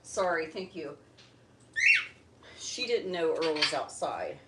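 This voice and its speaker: A woman's voice: low-pitched, very animated, takes it slowly. Chatty woman on a distant, echoey phone. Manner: chatty, coaxing her pet bird in a sweet tone. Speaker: bird channel host. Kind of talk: casual livestream chat. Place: home, indoors. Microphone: phone on a tripod. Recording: roomy, distant phone mic, loud noise.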